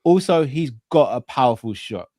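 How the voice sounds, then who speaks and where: A man talking football in a measured, reasonable way, now and then pausing on fillers. His voice sits at a middle pitch. The recording is dry and close. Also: animated, dark tone, no echo. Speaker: football pundit co-host. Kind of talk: casual football analysis chat.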